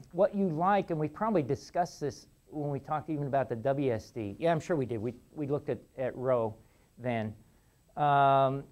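A middle-aged man with a voice on the high side and a darkish tone gives a chatty, casual university lecture in a lecture hall. He restarts often and laughs a lot during the class.

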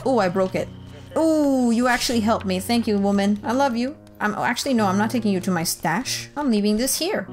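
A woman's voice: fairly high pitch, lively intonation, normal speed, music in the background. A young woman giving silly let's play commentary, talking to the game's characters and pleading in squeals.

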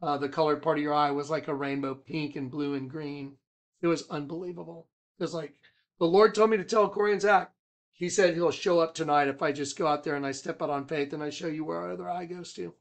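A man who leads a ministry, telling a rambling personal story with emphatic swings from loud to hushed. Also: fairly high pitch, fairly even intonation, a little fast. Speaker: ministry leader.

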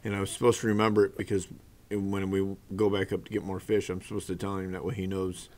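Low-voiced laid-back podcast co-host man. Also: level tone, fast talker, darkish tone. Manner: laid-back, short replies. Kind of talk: casual chat. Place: cigar shop.

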